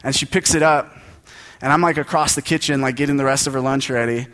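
A man's voice: mid-range voice, fairly even intonation, quick pace, fairly bright tone. A young adult man, a pastor, giving a casual sermon built on personal stories, joking and conversational with lots of asides.

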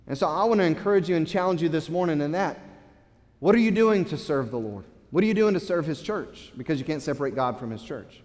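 Pastor, male, fervent sermon delivery with rising emphasis, fairly high voice, long church-hall reverb. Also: expressive, fast talker, a little mellow. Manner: impassioned preaching with swells of emphasis and repeated words.

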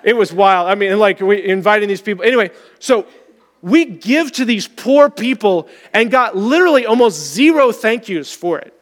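A man preaching a sermon as pastor in a church, talking in an animated, conversational way. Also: high-pitched, normal speed, in a large hall. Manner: animated, conversational, acts out voices.

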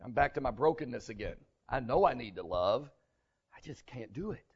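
A man's voice: medium pitch, lively intonation, moderate pace, slightly rough, dull audio. A man preaching a sermon as pastor, earnest and conversational, building emphasis as he goes.

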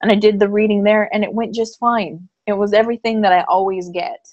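A woman tells a story on a live-streamed chat, animated and quick to laugh. Her voice sits at a middle pitch and sounds dry and close. The sound is a little muffled, the way a video call sounds. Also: no room sound. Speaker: podcast co-host and psychic reader.

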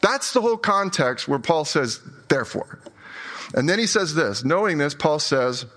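A man preaching a sermon as a pastor, conversational and self-deprecating, swinging between quiet asides and emphatic peaks. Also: mid-range voice.

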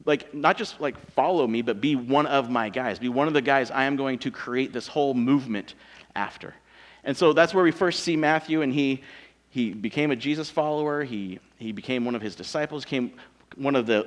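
A man's voice: medium pitch, in a large hall. A man in his thirties preaching a sermon in a casual, joking, self-deprecating manner. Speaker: pastor.

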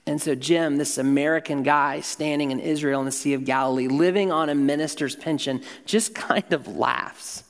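A man preaching a sermon, telling a story in an easy, conversational way and quietly acting out what the people in it say. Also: on the high side, fairly even intonation, normal speed, few pauses, long reverb tail. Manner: conversational, acts out the story's dialogue in quiet voices. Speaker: pastor.

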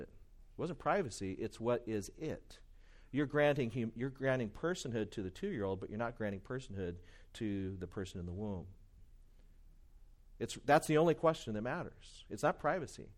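Male preacher, middle pitch, delivers an emphatic sermon with pointed repetition. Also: animated, normal speed. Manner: emphatic, repeats key points, varies loudness for stress.

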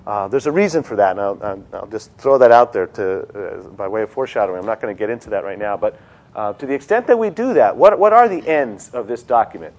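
A middle-aged man teaching a seminar in a classroom, animated and joking, with many fillers and restarts. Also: fairly low pitch, fast talker. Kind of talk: classroom lecture and discussion.

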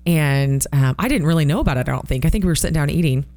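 A woman co-hosting a radio talk show, animated and quick to laugh as she chats. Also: sits low. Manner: animated, laughs easily, storytelling.

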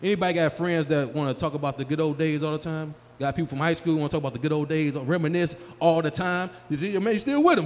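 A man in his forties doing a live stand-up set, working the crowd loudly and acting out his friends in high, excited voices. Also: fast, hardly any pauses. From Chicago area. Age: 40s. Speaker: stand-up comedian. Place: small live venue. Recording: live room with long reverb and faint hum.

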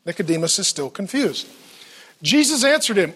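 A man's voice: high voice, animated, normal speed, fairly bright tone. A man preaching a sermon as pastor in a church, telling stories with playful acted-out quotes.

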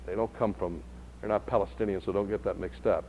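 A man's voice: steady tone, a little fast, slight background noise. Man teaching a Bible study, lo-fi. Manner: builds to loud, high-pitched emphasis.

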